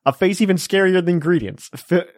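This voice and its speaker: A man's voice: sits high, fairly quick, no echo. A man co-hosting a podcast in casual chat, reading listener emails with dry humor. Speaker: podcast co-host.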